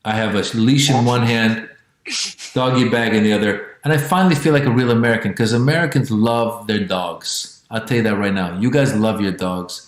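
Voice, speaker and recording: A man in his forties from Iran doing an animated, profane stand-up routine on a livestream, talking directly to his audience. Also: on the low side, fairly quick. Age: 40s. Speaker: stand-up comedian. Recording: very echoey space.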